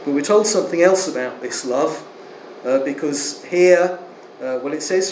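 A man's voice: on the high side, a little mellow. Earnest preacher man in an echoey hall. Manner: earnest, emphatic, with slow stressed words and fillers. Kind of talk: sermon. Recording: echoey room, faint air conditioning hum.

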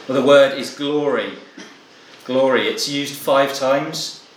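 A man's voice: mid-range voice, fairly bright tone, slight background noise. Man preaching in an echoey room. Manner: measured, earnest, with occasional halting restarts. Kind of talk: sermon. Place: church meeting hall. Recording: echoey room with faint ambience.

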